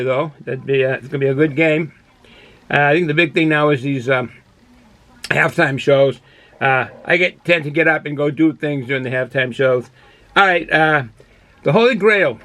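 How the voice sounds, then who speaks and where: A man's voice: on the high side, a bit bright, no echo. Rambling older Boston man reviewing beer. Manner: rambling, folksy, full of fillers and restarts. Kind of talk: casual product review monologue. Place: cool home den he calls a man cave.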